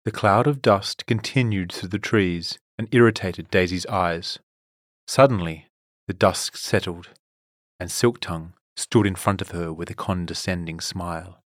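A man narrating a children's fantasy storybook in a steady, measured way. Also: low voice, no echo, clean studio sound. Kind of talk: storybook reading.

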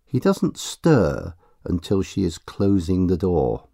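A low, mellow male voice reading a storybook aloud at a leisurely pace. His pitch moves widely and expressively, and the sound is dry and close to the mic. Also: huge pitch swings, slow pace, gravelly, no echo. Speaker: narrator. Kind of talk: storybook narration.

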